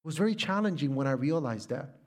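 A middle-aged man from Puerto Rico giving a sermon, telling a personal family story with animated delivery that turns soft and quiet in heartfelt moments. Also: a little high, quick pace. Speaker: preacher.

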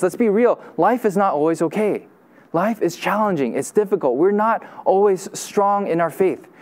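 A man preaching a sermon as pastor, earnest and emphatic, his voice sinking low and soft at the ends of phrases.

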